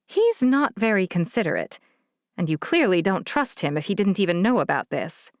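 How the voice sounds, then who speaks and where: A woman narrating an audiobook, voicing a kind, frank older female social worker who speaks gently and candidly. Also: mid-range voice, very animated, normal speed, no room sound, studio quality. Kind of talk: audiobook character voice.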